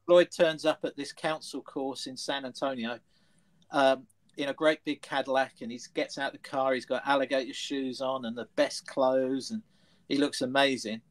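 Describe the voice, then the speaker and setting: Brief: male panelist, mid-pitch, lively storyteller. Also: moderate pace, low-quality recording. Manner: anecdotal storyteller, animated retelling. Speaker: studio panelist. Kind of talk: casual sports chat.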